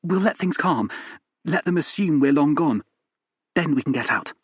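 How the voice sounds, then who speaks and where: A man voicing a hurried, twitchy man hiding fugitives, who talks very fast and nervously. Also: on the high side, lively intonation, slightly rough, dry recording, pitched above the performer's own voice.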